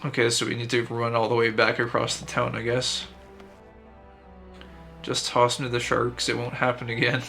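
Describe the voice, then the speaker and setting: Brief: man streamer, casual wry commentary, bright voice, flat delivery. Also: medium pitch, moderate pace, creaky, long pauses, faint music behind. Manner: wry, laughing asides.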